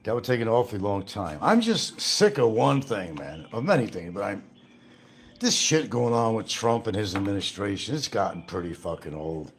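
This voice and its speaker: A man's voice: on the low side, sing-song, normal speed, a little hiss or hum. An older retired man hosting a livestream, rambling casually from topic to topic and swearing freely. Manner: meandering, swears freely, jumps between topics. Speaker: livestream host.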